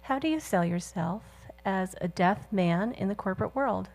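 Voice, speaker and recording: A woman's voice: medium pitch, lively intonation, normal speed, darkish tone, faint music behind. A woman interviewer posing earnest questions to a guest.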